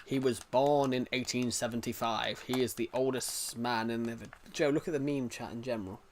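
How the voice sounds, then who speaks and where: Male streamer, casual rambling chatter, mid-pitched, faint typing in background. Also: steady tone, moderate pace, slight background noise. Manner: rambling, reacts to chat, restarts sentences. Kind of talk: casual live-stream chat.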